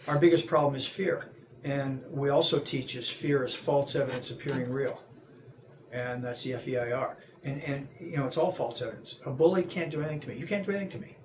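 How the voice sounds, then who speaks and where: Man, interview guest, animated talker, puts on voices for quotes, restarts sentences, mid pitch, faint background hiss. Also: a little fast. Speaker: anti-bullying seminar speaker.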